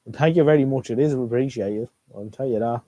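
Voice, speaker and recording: A middle-aged Irish man with a mellow, warm voice, chatting to his viewers on a live stream. He rambles along and repeats himself, and the sound is close and dry. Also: medium pitch, brisk, no room sound. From Ireland. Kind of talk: casual live stream chat.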